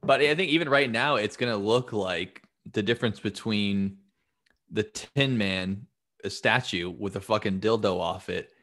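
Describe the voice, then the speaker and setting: A man's voice: lowish voice, unhurried. A man in his late twenties co-hosting a casual podcast chat, emphatic and profane, often acting out quotes. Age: late 20s. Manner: animated, emphatic, heavy swearing, acts out quotes. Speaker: podcast co-host.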